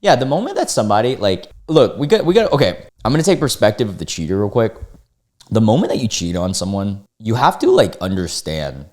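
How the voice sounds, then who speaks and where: A man's voice: fairly low pitch, brisk. A man hosting a casual reaction video, reading forum posts aloud and reacting with cursing, exclamations and disbelief. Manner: animated, swears freely, exclaims in disbelief. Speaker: YouTube reaction host.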